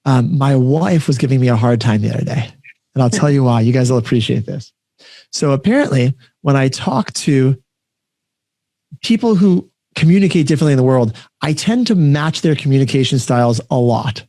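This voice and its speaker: A man hosting a podcast, telling an animated, self-deprecating story in casual chat, full of "like". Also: medium pitch, moderate pace, dry recording, clean studio sound. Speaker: podcast host.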